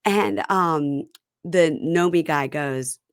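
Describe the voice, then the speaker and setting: A woman hosting a casual reality TV recap, who acts out the quotes she tells with sudden jumps in pitch. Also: slow pace, clear, resonant tone, no room sound, studio quality. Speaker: podcast host.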